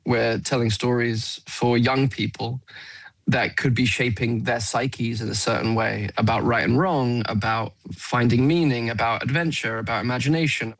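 A man, a film actor, answering interview questions in an earnest, animated way, often restarting phrases. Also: mid-range voice, normal speed, dry recording, low-quality recording. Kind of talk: radio interview. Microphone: studio mic.

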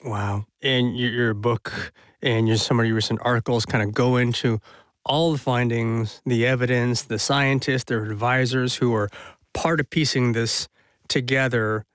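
A man's voice: mid-range voice, steady tone, normal speed, no echo, studio quality. A man hosting a radio interview, asking curious, conversational questions. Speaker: radio show host.

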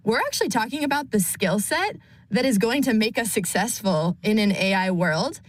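A woman's voice: mid-range voice, lively intonation, moderate pace, no room sound, low-quality recording. A woman nonprofit executive on a radio interview, giving earnest advice.

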